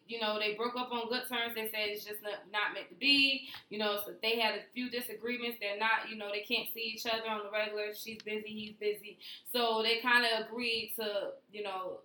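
Casting: bright-voiced woman, blunt profane gossip, casual podcast, roomy echo. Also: mid-range voice, a little hiss or hum. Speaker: podcast co-host. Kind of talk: casual chat. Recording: echoey room.

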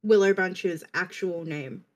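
A woman's voice: lowish voice, slow. A woman co-hosting a casual podcast, wry and teasing. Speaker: podcast co-host. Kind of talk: casual podcast chat over video call.

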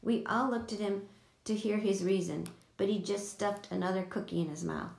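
A woman narrating a children's storybook in a steady first-person telling. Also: medium pitch, moderate pace, vocal fry. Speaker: audiobook reader. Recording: echoey room.

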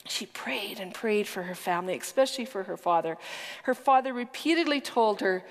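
A woman's voice: mid-range voice, lively intonation, moderate pace. Woman preacher, earnest and emphatic sermon delivery, occasional whispers, long hall reverb. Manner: earnest, emphatic storytelling, dropping to a whisper at times.

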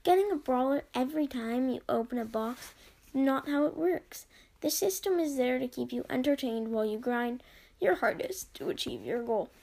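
A woman's voice: high-pitched, animated, normal speed, creaky, a little mellow. A young woman hosting a casual solo podcast, reading out listener reviews in a rambling, giggly way with plenty of ums. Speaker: podcast host.

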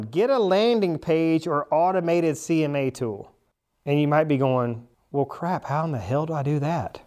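A man, coaching a class of real estate agents in a classroom and acting out the conversations they might have. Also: fairly high pitch. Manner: animated, acts out imagined conversations. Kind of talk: classroom training talk.

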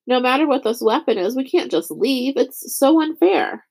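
A woman reading a worried, earnest young boy in a storybook, pitched a little higher than her narration. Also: animated, moderate pace, darkish tone, husky, exaggerated voice. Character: earnest boy hero, anxious and questioning.

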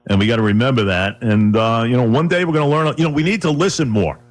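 A man's voice: mid-range voice, fast talker, faint music behind. Man hosting talk radio, pushing back. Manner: pushes back, lots of "come on" and "listen". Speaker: radio show host. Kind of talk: heated radio talk show debate.

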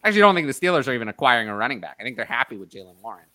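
A man hosting a casual sports talk show, opinionated and thinking out loud with frequent restarts. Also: mid-range voice, very animated, rapid-fire. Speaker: podcast host. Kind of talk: casual fantasy football chat.

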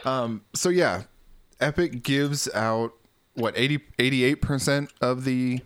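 A man's voice: medium pitch, takes it slowly, clear, resonant tone, no echo. A man in the host seat of a casual gaming chat, easygoing, laughing often. He is recorded close on a dry, dead mic, with no room sound at all. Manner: laid-back, leads topics, laughs often. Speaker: podcast host.

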